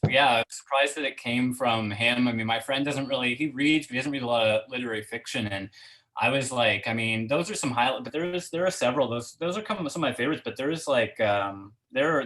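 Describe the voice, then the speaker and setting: A man reading first-person fiction aloud at a reading event in a steady voice, hesitant and full of fillers when he chats. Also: mid-range voice, fast talker, poor audio. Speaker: guest reader.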